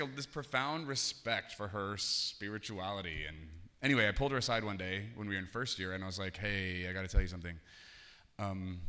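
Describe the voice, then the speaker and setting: A man with a low voice tells his own story to an audience in a casual, candid way, leaning on "like" and "um" as he goes. His voice carries a long reverb from the hall. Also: sharp tone. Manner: candid, conversational, frequent "like" and "um". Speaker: speaker telling his life story. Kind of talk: personal testimony talk. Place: church hall.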